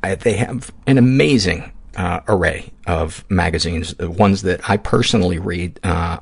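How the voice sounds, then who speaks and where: A man hosting a podcast, thanking his guest and reading a sponsor ad in a relaxed way with many fillers. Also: fairly low pitch, vocal fry, breathy edge. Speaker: podcast host. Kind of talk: casual interview and ad read.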